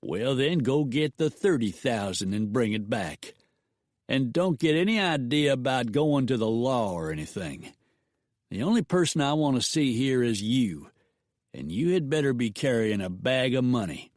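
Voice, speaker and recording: Outlaw gang leader, cold and threatening, slow drawl, dry sound, male narrator voicing him. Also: medium pitch, darkish tone, no room sound.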